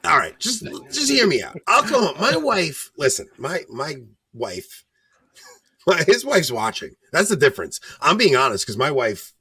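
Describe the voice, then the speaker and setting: Host, male, bright husky voice, lively pitch, playful mock-outrage rant. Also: measured pace. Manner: animated, laughing, mock-outraged. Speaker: podcast host. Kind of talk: casual ranting commentary.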